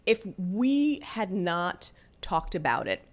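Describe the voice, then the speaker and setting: A woman's voice: on the low side, big pitch swings, takes it slowly. A woman, candidly telling a personal story in a casual, conversational way. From Deep South, US. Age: 40s. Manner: candid, conversational, with many fillers. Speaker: vlogger.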